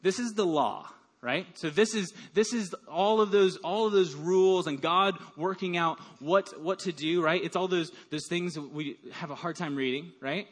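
A man preaching a sermon as pastor, lively and talking with his hands, acting out quotes. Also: sits high, moderate pace, hardly any pauses. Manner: animated, acts out quoted voices.

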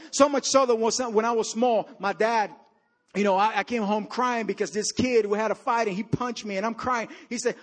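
A man with a high voice delivers a sermon as a storytelling preacher. He moves between loud, emphatic bursts and low, hushed stretches. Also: fairly even intonation, fast talker. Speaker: pastor.

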